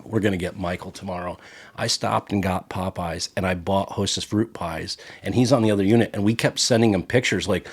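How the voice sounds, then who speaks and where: A man who works as an on-set assistant property master tells a lively anecdote in casual chat, laughing as he goes. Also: fairly low pitch, breathy edge. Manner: animated, laughing anecdote teller.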